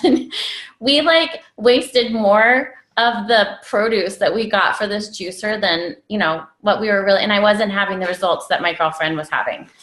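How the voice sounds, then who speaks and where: A woman's voice: medium pitch, moderate pace, fairly bright tone, roomy sound. A woman in her thirties, a guest in an interview, telling a personal story in a chatty, gritty way with lots of fillers.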